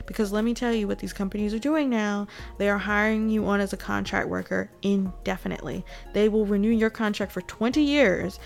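A woman's voice: mid-range voice, creaky. A woman giving casual, indignant political commentary straight to her viewers. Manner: indignant, addresses viewers directly, laughs between points.

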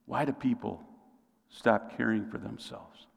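A man's voice: on the low side, steady tone, measured pace, vocal fry, breathy edge. A man preaching a sermon as pastor, asking the congregation questions and calling for responses. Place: church sanctuary. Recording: long reverb of a large hall.

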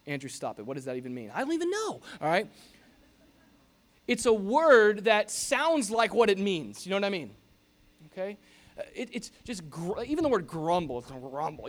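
A middle-aged pastor preaching a sermon in an animated, jokey way, acting out grumbling noises. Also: male voice, high voice.

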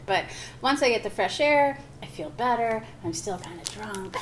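A woman comic telling a story in casual talk, animated, laughing often and acting out the voices she quotes. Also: medium pitch, moderate pace, slight background noise. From Wisconsin. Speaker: guest comic.

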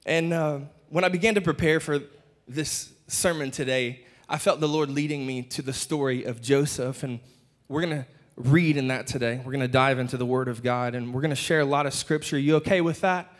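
A man's voice: medium pitch, fairly quick. A man preaching a sermon, telling stories from his own week with jokes in between, on a church stage. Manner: animated, jokey storyteller. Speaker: pastor. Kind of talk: sermon with personal storytelling. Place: church stage with a screen behind.

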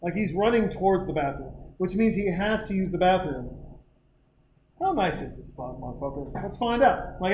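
A man's voice: high-pitched, expressive, normal speed, echoey room, noisy background. A man hosting a podcast, telling rambling comic stories in casual chat, swearing and laughing often. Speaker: podcast host.

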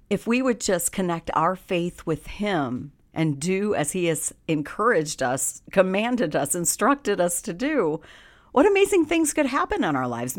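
A woman hosting a devotional podcast, earnest and encouraging, with frequent laughs. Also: fairly low pitch. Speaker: podcast host giving a devotional.

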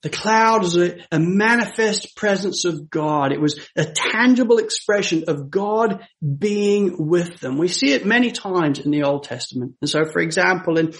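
A man preaching a sermon, moving from hushed storytelling to emphatic, raised scripture quotations. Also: high voice, animated, normal speed, few pauses. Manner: dramatic, swings from hushed to emphatic when quoting scripture.

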